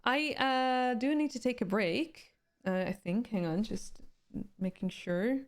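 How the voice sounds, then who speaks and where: Taking her time in a slightly high voice, a Swedish-accented game streamer chats casually with her live audience. She is a native Swedish speaker who reads viewers' comments aloud and answers each one.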